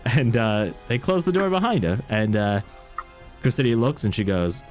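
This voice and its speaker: Laid-back low-voiced male game master. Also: expressive, normal speed, darkish tone, faint music behind. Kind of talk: narrating a tabletop game.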